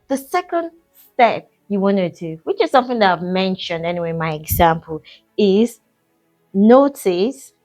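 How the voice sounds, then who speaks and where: A middle-aged woman talks as a mindset coach in a relaxed, chatty way, warmly pushing the listener along and calling her "sis". Her voice sits in an ordinary middle range. Soft music plays quietly underneath. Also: mid-range voice. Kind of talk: casual coaching talk.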